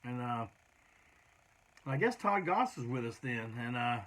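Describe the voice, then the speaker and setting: A man's voice: mid-range voice, very animated, a little slow, fairly bright tone. A middle-aged man, a punk band singer, telling rambling, profane road stories in a casual monologue.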